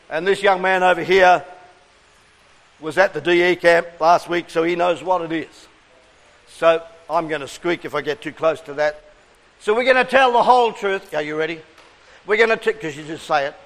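A man's voice: a little high, moderate pace, a bit bright, big-room sound. A man preaching an interactive sermon, coaxing the congregation with questions and call-and-response.

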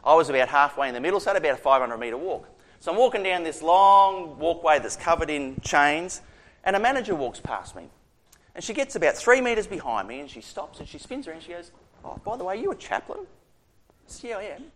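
A man's voice: fairly high pitch, fairly quick, slight background noise. A middle-aged Australian man, a prison chaplain, telling a personal faith story in a conversational way, acting out the dialogue. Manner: conversational, animated retelling with quoted dialogue. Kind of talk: storytelling testimony.

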